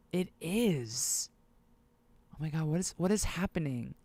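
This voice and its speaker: A music producer vlogger talking casually to viewers, excitable and thinking aloud while browsing gear listings. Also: mid-range voice, unhurried, no echo. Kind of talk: casual vlog talk to camera.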